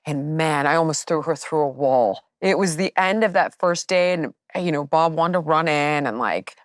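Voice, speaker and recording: A middle-aged woman fitness trainer speaks bluntly and with emphasis in a candid chat. Her voice sits fairly low, and the close, dry recording has no echo. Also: normal speed.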